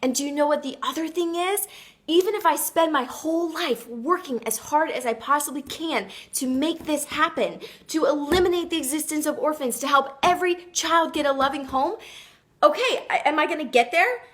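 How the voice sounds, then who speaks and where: A woman's voice: high-pitched, moderate pace, fairly bright tone. A woman hosting a motivational live video, talking earnestly and emphatically and reading out viewer comments. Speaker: live stream host.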